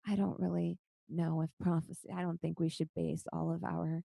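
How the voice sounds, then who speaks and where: A woman playing a timid, scholarly half-elf man in a tabletop game. He speaks hesitantly and tries to calm everyone. Her voice is low and gravelly. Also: normal speed, no room sound, clean studio sound. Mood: placating.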